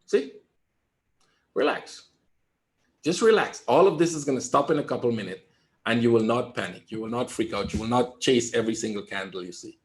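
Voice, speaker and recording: A man giving live trading commentary in a webinar, calm and reassuring, repeating his points and often asking "right?". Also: medium pitch, a little fast. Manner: emphatic, talks straight to viewers. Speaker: trader teaching a webinar.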